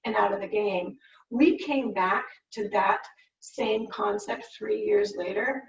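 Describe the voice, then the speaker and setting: A woman's voice: mid-range voice, takes it slowly, creaky. A woman business owner giving a candid personal talk, storytelling and acting out quotes from her past. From United States. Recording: muffled, roomy, distant mic.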